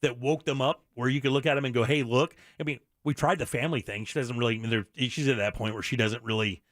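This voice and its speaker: A man's voice: medium pitch, fairly even intonation, quick pace, a bit bright, dry recording, studio quality. A middle-aged man hosting a radio show, talking earnestly and bluntly with many restarts. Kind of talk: candid talk radio monologue.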